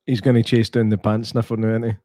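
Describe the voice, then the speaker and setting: A man co-hosting a casual watch-along, cracking quick jokes and swearing casually. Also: on the low side, flat delivery, warm tone, no room sound. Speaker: co-host.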